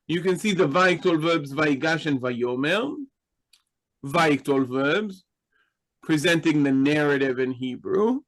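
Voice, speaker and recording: A man's voice: fairly high pitch, a bit bright, poor audio. A man teaching a class in a patient, explanatory way, asking his students questions. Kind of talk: slow, deliberate Hebrew grammar lesson.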